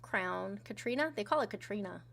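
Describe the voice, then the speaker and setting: A woman's voice: mid-range voice, lively intonation, moderate pace, gravelly, a loud crowd. A woman co-hosting a casual livestream, talking offhandedly with frequent swearing and reading out viewer messages. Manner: profane, offhand, reads out chat messages. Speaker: co-host.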